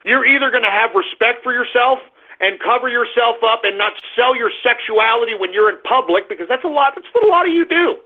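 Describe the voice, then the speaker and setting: Ranting high-voiced man, tinny phone-line sound. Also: animated, brisk. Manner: angry, ranting, often shouting. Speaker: radio show host. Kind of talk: ranting radio monologue.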